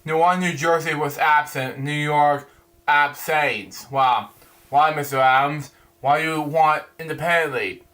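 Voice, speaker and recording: A man reviewing a comic book, reading it aloud haltingly, stumbling over words and adding his own asides. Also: a little high, steady tone, bright, forceful tone.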